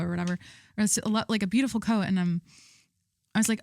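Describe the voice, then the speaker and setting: A woman's voice: mid-range voice, fast, creaky, pauses often, a little mellow, no echo, studio quality. A young woman hosting her own podcast, telling stories in a rambling, chatty way full of fillers. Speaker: podcast host. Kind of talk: casual chat.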